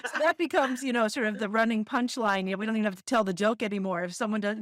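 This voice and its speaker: A middle-aged woman co-hosting a podcast, chatting candidly, laughing often and telling stories in a lively way. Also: medium pitch, racing, few pauses, dry recording, clean studio sound. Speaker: podcast co-host. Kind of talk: casual conversational storytelling.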